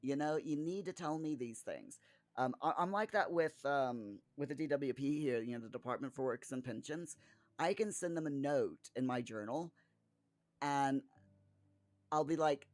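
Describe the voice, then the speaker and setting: A man's voice: mid-range voice, a little slow, a little mellow, dry recording. A man in casual chat, answering viewers by name in a rambling way with frequent restarts and chuckles. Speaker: streamer reading chat.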